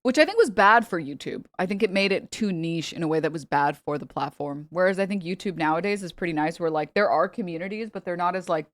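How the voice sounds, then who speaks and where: A young woman streamer chatting and joking through a reaction, laughing often between thoughts. Her voice sits fairly low for a woman, and the recording is dry and close to the mic. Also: quick pace, hardly any pauses, no echo. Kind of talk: casual reaction commentary.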